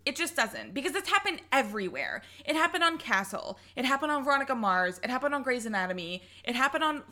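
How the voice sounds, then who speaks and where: A woman's voice: high-pitched, big pitch swings, fast talker, pushed and bright. A young woman co-hosting a casual podcast, ranting heatedly and swearing often. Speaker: podcast co-host.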